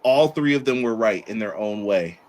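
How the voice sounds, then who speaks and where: A man hosting a podcast, reviewing a wrestling show in a casual chat and acting out the wrestlers in quick put-on voices. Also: fairly low pitch, lively intonation, a little mellow. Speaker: podcast host.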